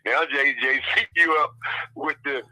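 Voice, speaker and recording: A man's voice: fairly high pitch, moderate pace, pushed and bright. A man chiming in on a livestream, teasing and casual, calling in over a phone line.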